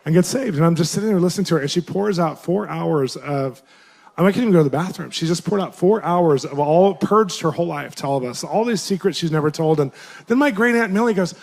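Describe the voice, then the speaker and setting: A man with a slightly high voice tells his testimony as a minister. He speaks with animation and laughs often. His pitch leaps up whenever he acts out his own surprised reactions. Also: quick pace, vocal fry. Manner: lively, laughs often, voice jumps up for quoted reactions. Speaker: Christian minister sharing a testimony. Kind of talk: animated personal storytelling.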